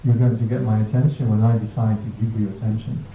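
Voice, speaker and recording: A man's voice: on the low side, level tone, fast, dark tone, a little hiss or hum, natural voice. A man playing a strict parent setting rules. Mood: stern. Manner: firm, lecturing. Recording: dull distant roomy recording.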